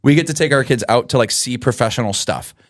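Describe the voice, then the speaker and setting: A man's voice: medium pitch, fast, dry recording, clean studio sound. A middle-aged man, a teacher co-hosting a podcast, telling a story in casual chat and acting out the quoted lines with laughs.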